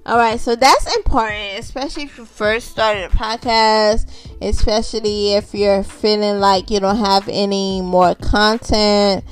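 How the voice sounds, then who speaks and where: A woman's voice: mid-range voice, fairly even intonation, measured pace, smooth. A chatty woman hosts her podcast with loose, unscripted talk. She repeats her phrases and speaks straight to her listeners as y'all. Faint music plays underneath her voice. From Haitian background. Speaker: podcast host.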